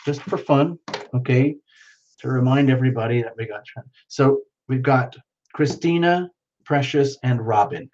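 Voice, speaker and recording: A man's voice: mid-range voice, a little mellow, dull audio, a little hiss or hum. A man hosting a casual livestream, chatting playfully with viewers and reacting to their comments. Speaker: livestream host.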